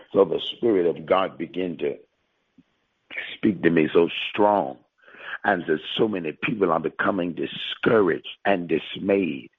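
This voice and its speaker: A man's voice: low-pitched, breathy edge, dry recording. A male pastor preaching and prophesying to listeners on a conference call, emphatic and repetitive, drawing out key phrases. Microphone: phone line. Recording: tinny phone line.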